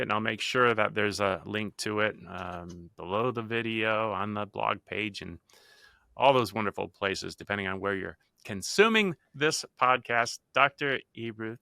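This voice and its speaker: A male podcast host asks curious, easygoing questions in an interview. His voice is on the lower side but very bright and forceful in tone. The recording is dry, with no room sound. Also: vocal fry, no echo. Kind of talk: interview conversation.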